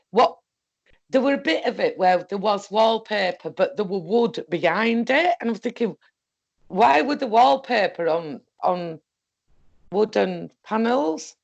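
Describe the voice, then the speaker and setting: A woman with a Northern English accent talks in a loose, rambling way and keeps breaking into laughter. Her voice sits at an ordinary middle pitch, and she chats casually with a friend. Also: creaky. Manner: rambling, chatty, laughs often while telling a story. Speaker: co-host. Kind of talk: casual chat.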